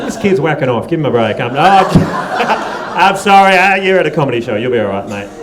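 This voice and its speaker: A man's voice: mid-range voice, very animated, quick pace, noisy background. An Australian man hosting a stand-up comedy night, loose and profane, teasing the audience and laughing between lines. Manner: loose, swearing, teasing the crowd, laughing often. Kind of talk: stand-up crowd work. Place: comedy club stage.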